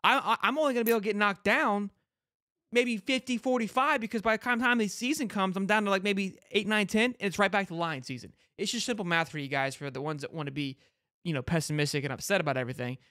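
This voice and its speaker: A brash man hosting a sports podcast, talking in a fairly high voice with loose fan energy, swearing and stumbling over his own restarts. The sound is dry and close to the mic. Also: quick pace, pushed and bright, no room sound. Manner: brash hype talk, swears, lots of "like" and restarts. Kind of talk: fired-up fan commentary, casual chat.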